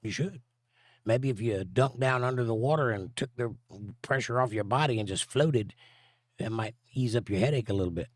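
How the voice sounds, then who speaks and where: A man hosts a laid-back livestream, reading out chat messages in a playful, goofy way. His voice sits at a middling pitch and sounds dry and close to the mic. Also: moderate pace, dry recording. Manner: reads viewer comments aloud in playful voices.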